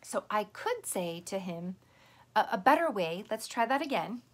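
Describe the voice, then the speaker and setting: A woman teacher giving a patient, gentle lesson to young children, explaining step by step. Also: medium pitch, big pitch swings, moderate pace.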